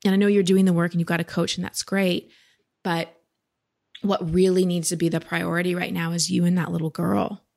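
A woman in her thirties giving a caller direct but gentle coaching advice on a talk show. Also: lowish voice, flat delivery, brisk, vocal fry.

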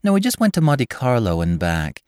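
A man's voice: mid-range voice, huge pitch swings, moderate pace, darkish tone, clean tone, dry recording, studio quality, pitched above the performer's own voice. A man reading aloud, voicing a chatty, gossipy young woman in a period story. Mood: excited.

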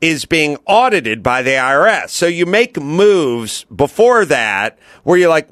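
A man's voice: on the high side, sing-song, a little slow, hardly any pauses, a bit bright, dry recording, studio quality. A man hosting a podcast in casual chat, telling rambling stories and acting out the voices of people he quotes. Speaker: podcast host.

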